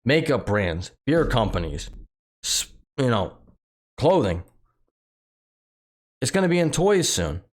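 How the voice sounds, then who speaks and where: A man's voice: medium pitch, very animated, slow, long pauses. A man with a slight lisp hosting his own channel, giving heated, repetitive commentary full of fillers and restarts. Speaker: channel host commenting on news. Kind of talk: casual ranting commentary.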